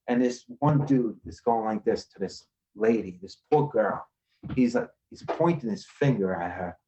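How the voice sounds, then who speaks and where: A man from Queens, a podcast guest telling rough street stories in a swaggering, profane way over a video call. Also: on the low side, darkish tone, lo-fi sound. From Queens, New York. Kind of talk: casual storytelling.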